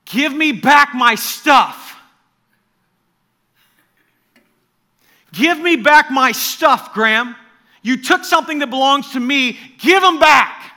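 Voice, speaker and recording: A man's voice: extremely high pitch, animated, unhurried, pushed and bright, voice pushed up, heavily acted. A preacher voicing Jesus as an impassioned man insistently demanding back what he paid for. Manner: urgent, pleading, insistent. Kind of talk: acted sermon quote.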